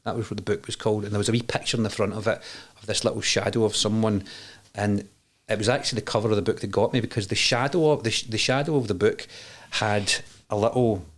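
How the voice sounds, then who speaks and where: A Scottish man in his forties, a podcast guest telling his story candidly, animated and quick to laugh, with plenty of restarts and some swearing. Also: on the low side.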